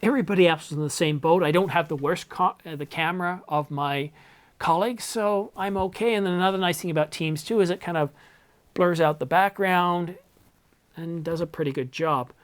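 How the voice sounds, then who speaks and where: Here the same sort of casual Q&A comes in a brisk, slightly high male voice. He's a middle-aged Canadian filmmaker responding to viewers on his channel, wandering off track, correcting himself, and cracking small dry jokes.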